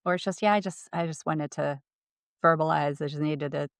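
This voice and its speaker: A woman's voice: sits low, fairly even intonation, fairly quick, dry recording, studio quality. A woman co-hosting a podcast, talking candidly in a loose, chatty, everyday way. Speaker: podcast co-host. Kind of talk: casual podcast conversation.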